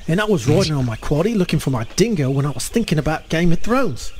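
A cheery fake Aussie bloke, as a man puts him on, with a slightly high voice that bounces all over. The put-on Australian accent is thick, and he chuckles through his jokes. A faint hiss sits under the call. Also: sing-song, fast, darkish tone. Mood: jokey. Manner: jokey, chuckling through lines. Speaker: caller.

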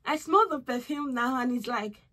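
A young woman talking casually at home in a haul vlog, gushing and squealing with excitement over her purchases. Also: high-pitched, moderate pace. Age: young adult. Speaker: vlogger.

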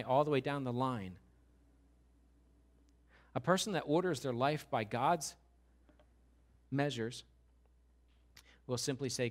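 A man's voice: on the high side, unhurried, pauses often. A man preaching a sermon as a pastor, emphatic and full of rhetorical questions, repeating phrases for weight.

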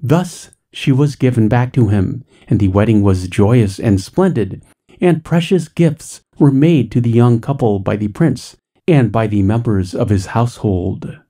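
A man reading a ghost story aloud in a measured, dramatic storytelling way. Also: medium pitch, dark tone. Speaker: story reader. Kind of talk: storytelling narration.

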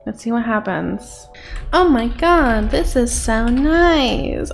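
A woman giving playful gameplay commentary in an excitable way, often gasping and giggling. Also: on the high side, slow pace, vocal fry, soft background music. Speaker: gaming video creator.

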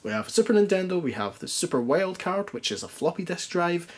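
A man's voice: high-pitched, very animated, brisk. A man rambling through a hands-on gadget demo with a lot of ums and restarts, a bit anxious and stuttering. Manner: rambling, self-deprecating, many ums and restarts. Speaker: retro gaming youtuber.

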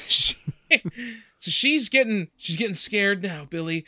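A man co-hosting a podcast, talking casually and laughing often. His voice is bright and sits a little high, and the recording is dry and close. He drops jokes and restarts his sentences as he goes. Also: animated, slow, no echo. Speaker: podcast co-host. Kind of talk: casual chat.

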